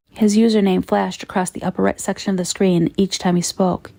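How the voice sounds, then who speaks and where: A woman narrating a horror story in a measured, grave tone. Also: medium pitch, little pitch movement, creaky, warm tone, no echo, studio quality.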